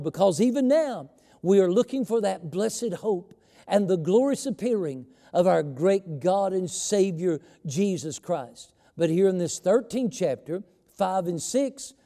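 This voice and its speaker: A middle-aged male pastor preaching a sermon in a church, reading scripture with slow, emphatic phrasing. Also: high-pitched, dark tone. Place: church sanctuary. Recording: long church reverb.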